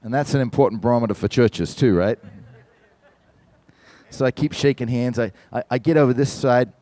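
A man giving a sermon testimony, telling a story with lively, animated delivery and speaking directly to the congregation. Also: mid-range voice, moderate pace, dry recording. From from outside the United States. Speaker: visiting church musician and speaker.

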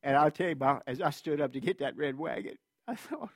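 A man's voice: a little high, animated, a little fast, no room sound, clean studio sound. Earnest male pastor telling a story. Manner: earnest and emotional, swinging between loud and hushed. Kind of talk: sermon storytelling.

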